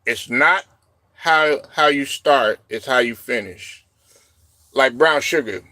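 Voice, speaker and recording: A man hosting a casual live stream, rambling and laughing often, breaking into loud shouted reactions. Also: mid-range voice, takes it slowly, no echo, studio quality. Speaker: show host.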